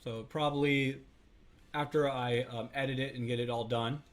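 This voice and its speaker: A man's voice: mid-range voice, fairly even intonation, moderate pace. A man hosting a let's play, giving casual gameplay commentary in a rambling, self-correcting way with lots of fillers.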